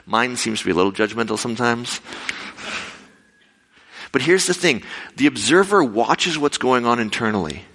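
A man telling a lively story in a sermon, acting out his own quoted lines with sudden leaps in pitch. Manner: animated, acts out quotes with big pitch jumps. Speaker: preacher. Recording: echoey hall with long reverb.

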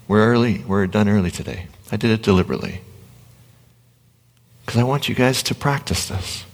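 A man with a low, deep voice delivers a motivational talk to a live audience. He is animated, acts out the voices in people's heads, and sometimes drops to a whisper. His voice carries a long reverb from a large gym hall. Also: a little fast. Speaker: motivational speaker.

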